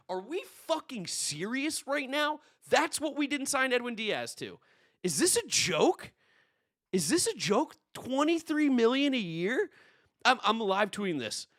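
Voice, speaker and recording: A man giving an exasperated ranting reaction about a sports signing, swinging between shouting and low muttering. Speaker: sports vlogger.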